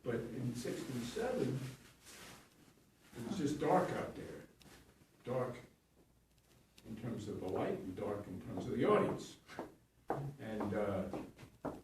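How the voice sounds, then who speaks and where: Older man telling lively rambling anecdotes. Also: medium pitch, takes it slowly, pauses often, a little hiss or hum. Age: 70s. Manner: rambling, chuckling, self-correcting. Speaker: stage actor and acting teacher. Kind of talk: anecdotal interview storytelling. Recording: echoey room, distant mic.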